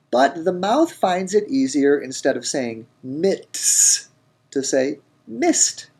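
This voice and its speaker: A man teaching a grammar lesson in a recorded lecture, deliberate, saying each word form slowly and repeating it. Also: medium pitch, darkish tone, slightly rough. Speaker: language teacher.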